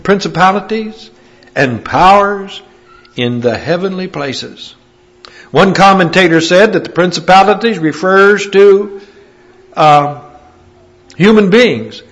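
A male preacher delivering a sermon, reading scripture aloud in a measured, emphatic way. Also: sits high, fairly bright tone.

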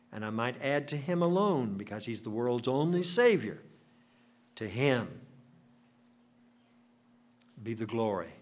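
An older man preaching a sermon, telling homely stories and slowing to stress key words. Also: mid-range voice. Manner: folksy storytelling with slow emphatic phrasing.

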